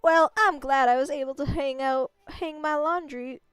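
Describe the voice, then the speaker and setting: A woman's voice: high voice, fairly even intonation, normal speed, dry recording, pitched above the performer's own voice, natural voice. A woman voicing a kindly, fussy old village grandmother with a put-on Southern drawl, talking in a folksy, fretful way. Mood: doting fretful. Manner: folksy, fretful, gently doting. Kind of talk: voicing game characters while streaming.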